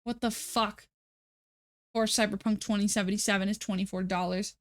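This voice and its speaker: A woman's voice: mid-range voice, fairly even intonation, normal speed. A young woman streamer chatting casually to her viewers, ranting with dramatic, exasperated outbursts. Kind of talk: casual live-stream chat.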